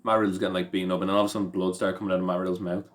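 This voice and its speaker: Tired irish guy, rambly podcast chat, lowish voice. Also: flat delivery, rapid-fire. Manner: rambling, stumbling recaps. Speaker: podcast co-host. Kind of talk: casual wrestling chat.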